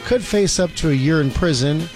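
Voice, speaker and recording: A man's voice: a little high, moderate pace, darkish tone, faint music behind. A man on a radio show reading out an odd news item in a matter-of-fact way.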